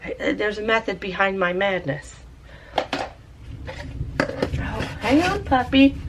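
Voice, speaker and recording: A woman of medium pitch speaks slowly, her intonation lively, as she walks through a tie dye craft demo. She rambles chattily with many fillers, and faint background noise sits under the recording.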